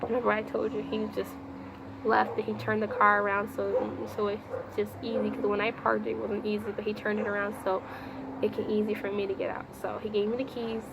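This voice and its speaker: A woman with a gravelly voice tells a personal story in a loose, rambling vlog. She repeats herself and breaks off to speak to the Lord. Clear background noise runs under the recording. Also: mid-range voice, flat delivery, brisk. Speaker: vlogger.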